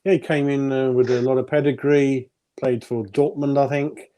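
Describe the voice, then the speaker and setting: A man's voice: mid-range voice, flat delivery, normal speed, warm tone. A man giving blunt, opinionated football ratings in a casual podcast chat, chuckling at his own jokes. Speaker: football pundit.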